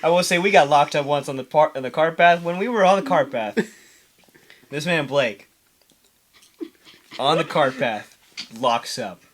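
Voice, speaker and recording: A man's voice: a little high, measured pace, long pauses. A young man co-hosting a casual sports podcast, telling stories in punchy, repetitive bursts. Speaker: podcast co-host. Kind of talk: casual chat.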